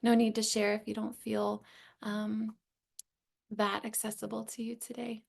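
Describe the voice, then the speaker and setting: A woman leading a guided mindfulness session, calm and reflective, affirming people as she reads out their replies. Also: mid-range voice, measured pace, creaky. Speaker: meditation teacher.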